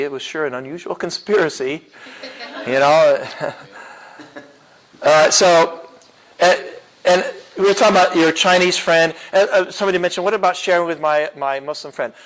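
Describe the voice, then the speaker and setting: A man's voice: on the high side, fairly bright tone, poor audio. Chuckling man teaching a church class. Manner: casual and chuckling, many fillers and restarts. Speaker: apologetics teacher. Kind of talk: classroom lecture.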